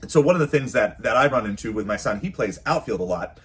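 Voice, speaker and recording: A man's voice: mid-range voice, lively intonation, fast talker, fairly bright tone, husky. A man who is a youth baseball coach and parent, giving casual, earnest advice to camera and often repeating his phrases.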